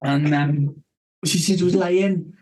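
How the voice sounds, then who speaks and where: A man's voice: on the high side, fairly even intonation, takes it slowly, a little mellow, low-quality recording. A man telling a rambling story on a podcast, swearing constantly and acting out the people he quotes.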